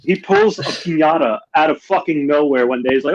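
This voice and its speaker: A man's voice: a little high, fairly quick. A man co-hosting a casual chat show, telling stories with heavy swearing and acting out quotes. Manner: animated storyteller, heavy swearing, acts out quotes. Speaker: podcast co-host. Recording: muffled lo-fi mic.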